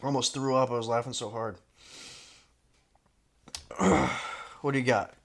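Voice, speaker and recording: A man's voice: mid-range voice, steady tone, unhurried, vocal fry. A man hosting a comedy podcast in casual chat, who reads chatbot replies aloud and keeps breaking into hard laughter. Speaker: podcast host.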